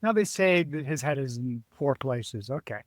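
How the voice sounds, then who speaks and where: Here a middle-aged guest, known as an adventurer and writer, tells stories with energy on an interview show, mimicking other people's voices and repeatedly restarting his lines. The recording is dry and his pitch is medium.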